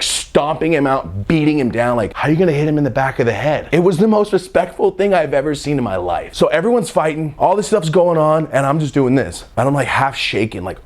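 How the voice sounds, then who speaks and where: Male comic from California, casual slangy storyteller, mid-pitched, big squeaky quote voices and sudden whispers. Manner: casual slang-heavy delivery. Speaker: comedian. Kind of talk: comedic story time.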